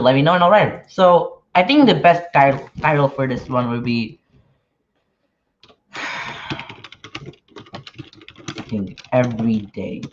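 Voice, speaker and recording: A man chatting casually on a livestream while he works, sounding nervous and hesitant, with frequent restarts and filler words. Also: medium pitch. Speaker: podcaster and newsletter writer. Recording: dull lo-fi stream audio.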